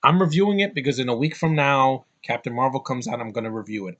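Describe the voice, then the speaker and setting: Bright-voiced man ranting about a movie. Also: mid-range voice, fast talker, dull audio. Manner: rambling, profane, fired-up. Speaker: movie reviewer. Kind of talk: casual movie review vlog.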